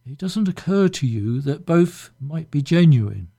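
Male reader as tired bitter wife, flat, slow, dark-toned, audiobook. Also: a little high, gravelly, slightly rough, full character voice. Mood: weary. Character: weary sharp-tongued wife, woman. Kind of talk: audiobook reading.

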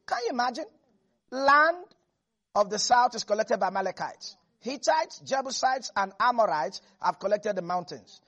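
A preacher gives an animated sermon, laughing often and acting out the quotes in the scripture. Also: medium pitch, normal speed.

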